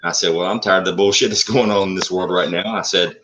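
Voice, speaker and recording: Deep, bright-toned blunt storytelling man. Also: quick pace, a little hiss or hum. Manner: blunt, profane, animated storyteller. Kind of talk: casual storytelling. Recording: muffled lo-fi audio.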